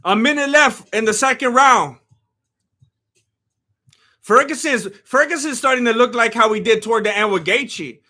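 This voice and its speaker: A man hosting a live fight watch-along, talking casually and excitably, rambling with restarts and bursts of shouting. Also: very high voice, normal speed, long pauses.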